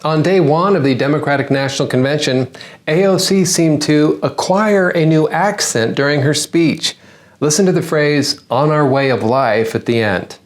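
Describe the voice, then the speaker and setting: A man's voice: on the high side, animated, moderate pace. A man hosting a comedy news segment, delivering a satirical monologue with sarcastic punchlines.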